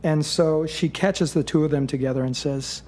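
A middle-aged man on a live stage telling a rambling comic fairy tale, chuckling through deadpan asides. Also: a little high, moderate pace.

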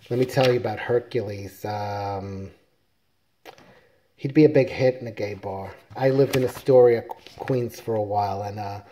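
A man's voice: medium pitch, dark tone, slight background noise. A man casually reviewing a comic book, rambling with self-corrections and jokey asides.

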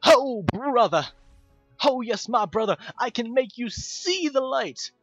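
Booming slow-preaching reverend, as a man puts him on, higher than his own voice, dull lo-fi sound with game music under it. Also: animated, slightly rough, no echo, full character voice. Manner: drawn-out, loud sermon cadence.

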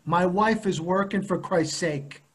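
A man's voice: high voice, unhurried. An actor playing an exasperated middle-aged father scolding his own father on a video call.

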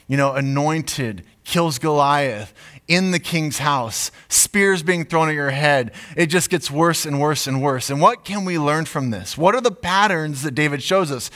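A man, a pastor, preaching a sermon in an animated storytelling way, acting out asides. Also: fairly high pitch.

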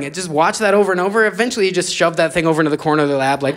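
A man's voice: fairly high pitch, rapid-fire, a bit bright. A man doing a stand-up comedy set, rambling through absurd ideas and chuckling at his own jokes.

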